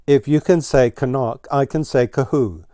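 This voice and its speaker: A man's voice: medium pitch, a little slow, warm tone, no echo, voice pushed up, natural voice. A man voicing a disdainful, complaining male ground squirrel in a storybook reading.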